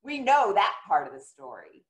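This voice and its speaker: A woman giving a children's sermon in a church, retelling a story gently and asking the children questions. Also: mid-range voice, sing-song, normal speed. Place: church sanctuary. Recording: echoey church room.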